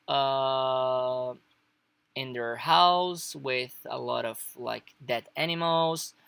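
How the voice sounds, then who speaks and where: A woman's voice: low voice, creaky, a bit bright, no room sound. A woman teaching Japanese in a casual online lesson, chatty and loose, with lots of fillers and frequent laughs.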